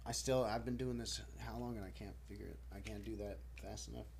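A man's voice: fairly low pitch, steady tone, fairly quick, creaky, a little mellow, slight background noise. A man hosting a casual live-stream chat, laid-back, swearing casually and laughing often. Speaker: host.

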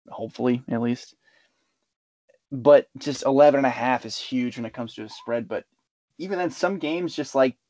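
A man of middle pitch co-hosts a sports betting podcast. He rambles through his picks and laughs often. His voice is recorded dry and close. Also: a little mellow, no room sound. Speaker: podcast co-host. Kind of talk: casual sports betting chat.

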